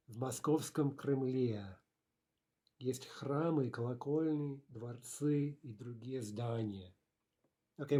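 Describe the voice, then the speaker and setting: A man's voice: medium pitch, dark tone, husky. A man teaching a language lesson, explaining grammar step by step with a patient manner and frequent checks like "right?" and "okay".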